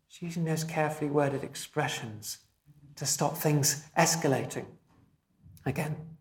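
A man, a pastor, preaching a sermon in a measured, emphatic way, slowing down to stress key phrases. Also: a little high, echoey room.

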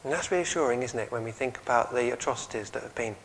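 A man's voice: mid-range voice, fast talker, creaky, slight background noise, rough recording. A man with an English accent preaching a sermon, telling stories and asking the congregation questions. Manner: lively storytelling, audience questions.

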